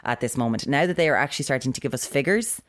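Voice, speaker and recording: An Irish speaker co-hosting a casual chat, sardonic and quick with mocking asides. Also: medium pitch, expressive, fairly bright tone, no echo, studio quality. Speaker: podcast co-host.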